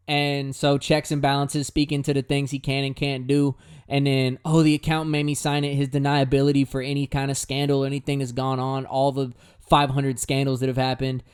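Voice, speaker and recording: A man's voice: mid-range voice, clean tone. A man in a casual, laid-back chat, breaking down the lyrics of his own song with slangy asides.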